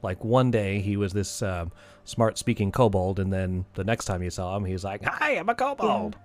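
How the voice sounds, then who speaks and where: A man's voice: deep voice, steady tone, normal speed, a little mellow, no echo. A man narrating as game master of a tabletop game, talking loosely with many fillers. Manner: loose, rambling, lots of fillers.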